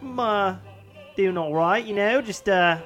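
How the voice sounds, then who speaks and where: A man's voice: high voice, measured pace, a bit bright, lo-fi sound, soft background music, pitched above the performer's own voice. A man voicing a brash, cheeky British bloke in a put-on British accent, full of slang and tag questions. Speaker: podcast co-host.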